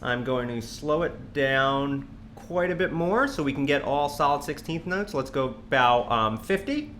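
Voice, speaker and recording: A man teaching a drum lesson, patiently counting sixteenth notes aloud and stressing slow, accurate practice. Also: a little hiss or hum. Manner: patient, repeats counts in a low steady voice. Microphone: studio mic on a stand near the kit.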